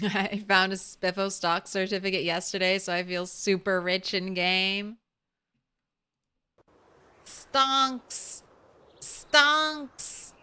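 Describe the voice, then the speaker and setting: A woman's voice: mid-range voice, level tone, normal speed, few pauses, sharp tone, clear, resonant tone. A woman streaming a video game, chatting casually and playfully with her viewers and talking to her cat between jokes. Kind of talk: casual livestream chat while gaming.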